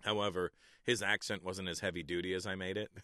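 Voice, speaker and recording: A man's voice: deep voice, fairly even intonation, a little fast, pushed and bright, no echo, clean studio sound. A Canadian man in his forties, a comedian guest in a radio interview, talking in a laid-back, candid and blunt way.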